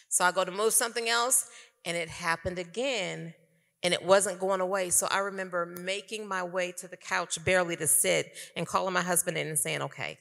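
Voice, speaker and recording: A middle-aged woman giving her personal testimony on stage at a conference, telling her story in an animated way and speaking straight to the crowd. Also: mid-range voice. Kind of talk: personal testimony to a live audience. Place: conference hall. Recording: echoey conference hall.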